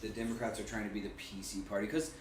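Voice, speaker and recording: A man's voice: lowish voice, fairly even intonation, crowd noise. A man co-hosting a podcast, earnestly talking politics in casual chat while streaming a video game. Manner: earnest, quick political talk with casual swearing. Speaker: podcast co-host. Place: home streaming setup. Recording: distant mic, very echoey, loud noise.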